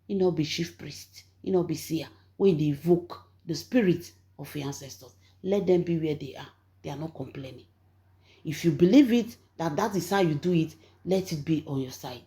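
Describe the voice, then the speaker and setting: A Nigerian woman hosting her own channel, telling gossip in an emphatic, preachy way that swings between loud and soft. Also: deep voice, normal speed. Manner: emphatic, preachy, rising and falling in loudness. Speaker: channel host and gossip storyteller. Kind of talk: animated gossip commentary.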